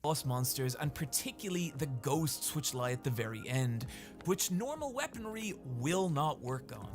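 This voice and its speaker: A man reading a scripted video essay with lively, rising and falling pitch and a fairly high voice. Clear music plays under him the whole time. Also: normal speed. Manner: engaged, expressive storytelling. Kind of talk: scripted narration. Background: music behind the voice.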